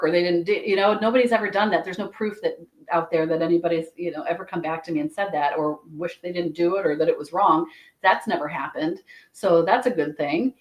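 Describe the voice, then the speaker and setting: A woman's voice: on the low side, low-quality recording. A woman who reads Akashic Records, telling a story in a casual, chatty way with many restarts. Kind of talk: casual storytelling in a podcast chat.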